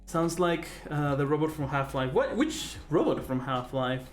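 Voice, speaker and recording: A live-stream host chatting casually while drawing, rambling with many fillers and self-corrections and often breaking into laughter and excited greetings. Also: mid-range voice, a little slow, faint music behind. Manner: laughs easily, with sudden excited outbursts.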